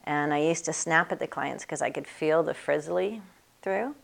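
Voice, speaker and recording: Woman, deep voice, gravelly edge, chatty storyteller, laughs between anecdotes. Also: normal speed. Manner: chatty, acts out other people's voices in quotes, laughs often. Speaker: equine bodywork practitioner and teacher.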